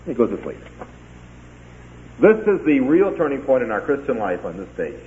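A man delivers a sermon, telling the story with lively rises and falls in his voice and slipping into the characters' lines. The sound is thin and phone-like, as if played through a narrow, tinny line. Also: mid-range voice, normal speed, long pauses, slight background noise. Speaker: preacher.

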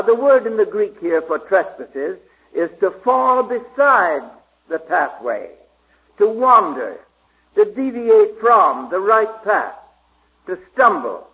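Preacher, man, high voice, slow halting delivery, tinny lo-fi recording. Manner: slow, halting, many pauses and fillers. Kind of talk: Bible study sermon. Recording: tinny phone-like old recording.

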